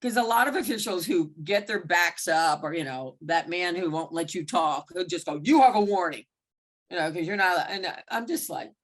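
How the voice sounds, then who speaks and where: A woman's voice: moderate pace, hardly any pauses. A woman basketball referee telling frank stories in a mentoring talk, acting out the exchanges she recalls. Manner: animated, acts out quoted exchanges with big pitch jumps; blunt and frank, with occasional mild swearing. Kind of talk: candid storytelling in a mentoring talk.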